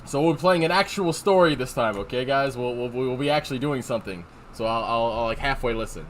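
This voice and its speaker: Speaking a little fast in a mid-range voice, this male streamer rambles and curses while reading out and responding to his chat. Slight background noise comes through his desk mic.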